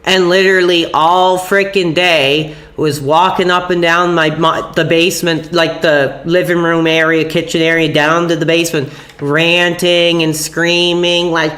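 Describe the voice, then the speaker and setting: A man's voice: fairly high pitch, steady tone, a little slow, pushed and bright. A young man live-streaming from home, rambling casually and agitatedly, with frequent "dude" and minced swears. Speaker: livestreamer. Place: at home, upstairs room.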